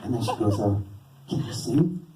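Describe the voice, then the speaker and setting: A man's voice: fairly low pitch, normal speed, heavy background noise. Rambling man telling stand-up stories. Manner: rambling, self-interrupting, deadpan teasing. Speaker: stand-up comedian and cartoonist. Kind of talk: stand-up storytelling. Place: stage in a venue. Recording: roomy, distant live stage recording.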